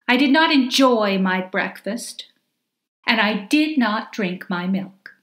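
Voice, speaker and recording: A woman reading her own children's picture book aloud in a gentle, deliberate, expressive way. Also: mid-range voice, echoey room. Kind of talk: slow storybook narration for children.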